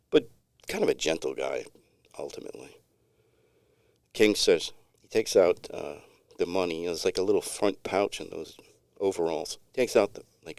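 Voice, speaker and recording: A middle-aged male podcast co-host with a low, slightly mellow voice and vocal fry tells a long story in a rambling, laid-back manner, restarting many times during this casual storytelling chat. The sound is studio quality with no room sound.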